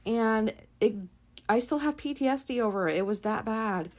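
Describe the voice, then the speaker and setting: A woman's voice: a little high, normal speed, a little mellow. A woman, likely, hosting her own show and telling a personal story in a blunt, profane, filler-heavy way. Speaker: podcast host.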